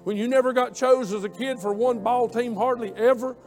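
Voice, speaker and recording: High-voiced preacher man. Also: fairly even intonation, fairly quick, a little mellow, faint music behind. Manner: impassioned preaching with repetitions. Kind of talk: sermon.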